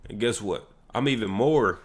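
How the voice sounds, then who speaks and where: A man's voice: fairly low pitch, moderate pace. Slangy hyped young man on a stream. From United States. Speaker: livestream podcast host. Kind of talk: casual solo commentary.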